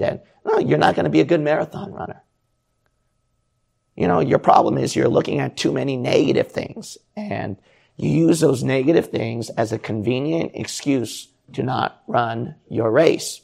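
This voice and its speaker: A male preacher delivering a sermon, pressing his listeners with one rhetorical question after another. His voice is deeply gravelly and rough, with a husky, unclear edge, sitting at an ordinary pitch for a man. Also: moderate pace, darkish tone. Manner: exhorting, repetitive rhetorical questions.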